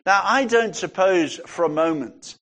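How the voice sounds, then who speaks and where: A man preaching a sermon, reading scripture passages aloud and rising in pitch when he stresses a point. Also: expressive, measured pace, fairly bright tone.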